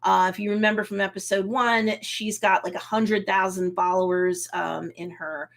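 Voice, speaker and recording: A woman hosting a casual live review of a TV episode, recapping scenes in a lively way, acting out the characters' reactions, and slipping into motherly advice. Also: medium pitch, moderate pace, creaky. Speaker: host and TV reviewer.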